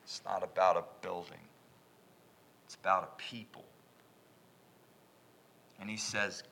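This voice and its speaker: A man preaching a sermon in a church, swinging from loud, emphatic bursts down to hushed whispers. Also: low-pitched, steady tone, takes it slowly, gravelly, long pauses, a little hiss or hum.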